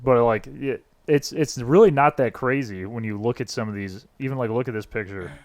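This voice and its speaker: A man's voice: mid-range voice, brisk, darkish tone, dry recording. A man co-hosting a casual podcast, chatty and full of fillers. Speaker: podcast co-host.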